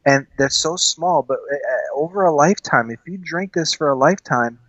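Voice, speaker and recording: A man's voice: on the high side, lively intonation, normal speed, fairly bright tone, no echo, lo-fi sound. A man co-hosting a casual film discussion, talking earnestly with many fillers and restarts. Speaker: podcast co-host.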